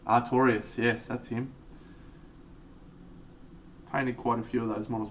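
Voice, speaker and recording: A man's voice: mid-range voice, little pitch movement, a little slow, distant mic, a little hiss or hum. Chatty Australian man, rambling stream talk. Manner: rambling, chatty, reading and answering chat. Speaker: miniature painting streamer. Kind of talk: casual live-stream chat.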